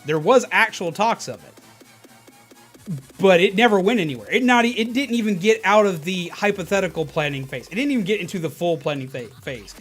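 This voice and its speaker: A man streamer telling a casual, animated, rambling story about a retail customer, often restarting his sentences. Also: sits high, fairly quick, slightly rough, faint music behind.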